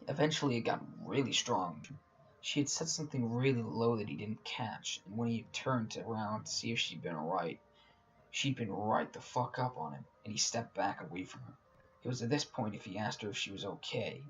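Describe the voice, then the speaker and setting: Male horror-story reader, lowish voice, casual and profane, slips into whispers. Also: a little hiss or hum, low-quality recording. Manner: casual and profane, often dropping to a hushed whisper. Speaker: narrator. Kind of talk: reading a horror story aloud.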